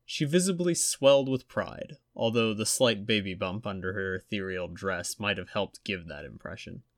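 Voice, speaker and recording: A man reading a story aloud with steady storytelling. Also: lowish voice, normal speed, no room sound, clean studio sound. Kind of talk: audiobook narration.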